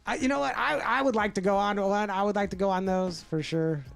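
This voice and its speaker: A man's voice: high-pitched, steady tone, fairly quick, gravelly, fairly bright tone, faint music behind. A man hosting a casual podcast, telling a wild story with lots of laughter and swearing. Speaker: podcast host.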